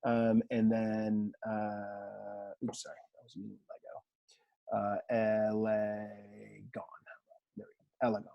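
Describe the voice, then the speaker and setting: A man teaching a language class in a relaxed lecture style, chatty and self-deprecating, often quizzing his students. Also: lowish voice, takes it slowly, vocal fry, pauses often, muffled recording. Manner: conversational, self-deprecating, asks the class questions. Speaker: Greek teacher.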